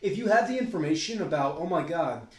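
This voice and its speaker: A man's voice: on the high side, expressive, fast talker, soft background music. Guy rambling on a podcast, swears a lot, hops between thoughts, roomy echo. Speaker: podcast co-host. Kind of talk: casual podcast chat.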